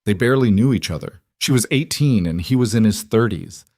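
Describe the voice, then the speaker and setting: A man narrates a western story in an even, scripted manner. His voice sits low, and the recording is dry and close with no room sound. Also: brisk, no room sound.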